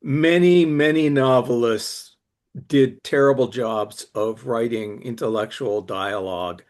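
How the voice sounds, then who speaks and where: Man, book group host, slow and measured, video-call sound. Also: medium pitch, a little mellow. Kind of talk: online book discussion.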